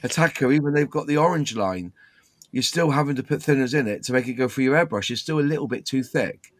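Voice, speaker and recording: A man's voice: mid-range voice, expressive, fast talker, no echo. A man on a modelling live chat, explaining his paint routine in a rambling, self-correcting way. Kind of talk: casual chat.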